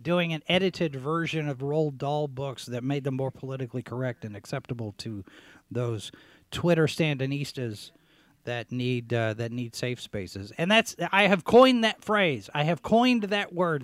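A man hosting a talk show, giving sarcastic commentary as he reads out headlines, often clearing his throat and restarting his sentences. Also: a little high, expressive, measured pace, a bit bright, no room sound. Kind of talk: opinionated commentary, reading headlines.

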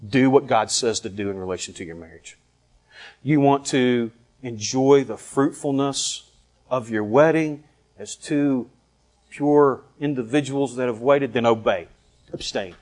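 Male preacher, thirties, sermon, emphatic then hushed, mock dialogue, mid-pitched voice. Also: a little slow. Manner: swings between loud emphatic lines and quiet earnest ones.

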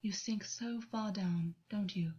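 Woman voicing a gentle controlling man, soft, slow, murmuring, muffled lo-fi. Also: fairly low pitch, fairly even intonation, slightly rough. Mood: soft, coaxing. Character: soft-spoken, controlling man, caring lover. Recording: dull lo-fi recording.

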